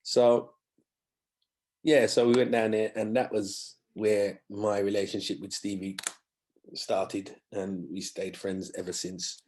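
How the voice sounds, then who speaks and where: A man, a guest musician telling animated anecdotes in a podcast interview and acting out other people's voices. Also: on the low side, slow. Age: 50s.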